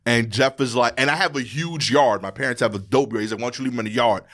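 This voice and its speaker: A man, a stand-up comedian telling a slangy story as a podcast guest, acting out the people in it. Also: quick pace. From Brooklyn, New York. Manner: slangy, acts out quoted exchanges, voice drops low and quiet near the end. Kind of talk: animated storytelling in casual chat.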